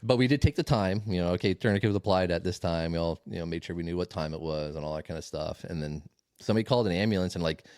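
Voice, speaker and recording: Low-voiced man telling a story. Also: rapid-fire, no echo, clean studio sound. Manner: swearing, animated retelling with laughs. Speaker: podcast co-host. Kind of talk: casual storytelling chat.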